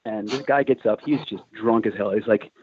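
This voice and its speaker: A man casually telling military stories on a podcast, animated and swearing, acting out shouted quotes. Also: on the low side, normal speed, husky, no echo. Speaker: podcast guest. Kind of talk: casual storytelling. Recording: dry, tinny phone-like sound.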